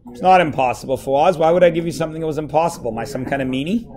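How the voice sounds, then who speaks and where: A man's voice: fairly high pitch, rapid-fire, darkish tone. A male math teacher in a classroom, playfully quizzing his students and joking with them. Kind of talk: classroom lesson.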